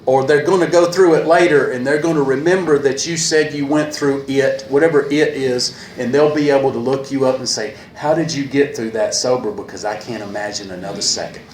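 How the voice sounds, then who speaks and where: A man speaking earnestly at a recovery meeting, repeating a refrain and pausing often with fillers, a little emotional. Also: medium pitch, fairly even intonation. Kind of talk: personal talk at a meeting. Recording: echoey room with faint hiss.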